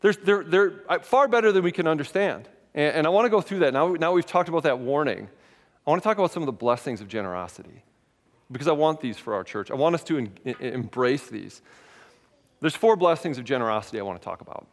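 Pastor guy preaching, voice on the high side, bouncing all over, big echoey church. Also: fast talker. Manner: animated, conversational preaching with frequent restarts. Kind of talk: sermon. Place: church sanctuary.

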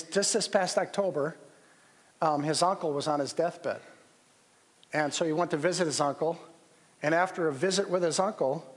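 A man preaching a sermon as pastor, earnest and storytelling with pauses and restarts. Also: a little high. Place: church sanctuary. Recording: long reverb of a church hall.

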